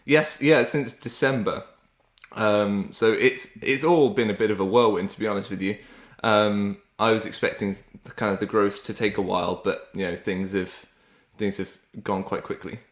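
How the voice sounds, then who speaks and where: A man's voice: lowish voice, fairly even intonation, normal speed, roomy sound. A man in his twenties from England, a podcast guest answering in a dry, understated way. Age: 20s. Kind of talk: casual interview chat.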